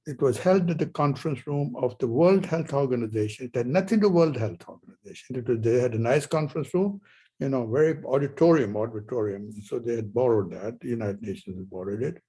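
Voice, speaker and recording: An older male professor lectures a class in a loose, anecdotal way, asking questions and answering them himself. His voice is mellow and a little husky. He wanders through the story with pauses and restarts. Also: medium pitch, lively intonation, low-quality recording. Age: 70s. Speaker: university lecturer.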